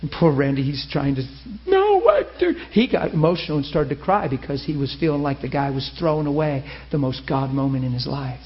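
Animated preacher man, muffled recording. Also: mid-range voice, fast talker, few pauses. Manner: animated, acts out quoted voices. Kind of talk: sermon storytelling.

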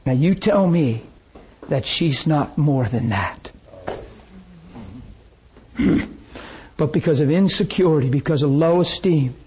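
Man preaching an animated sermon. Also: on the high side, slow pace, long pauses, slightly rough, low-quality recording. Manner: animated storytelling, acts out quoted voices. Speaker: pastor.

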